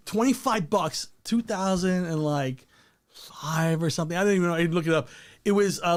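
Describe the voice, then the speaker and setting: A man from New York, a podcast guest, chatting casually and telling rambling stories with frequent laughter. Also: high-pitched. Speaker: podcast guest, event producer.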